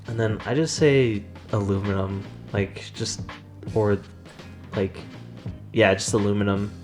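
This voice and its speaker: Slangy young man, low voice. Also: unhurried, faint music behind. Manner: loose, slangy, laughing. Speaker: podcast co-host. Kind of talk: casual chat.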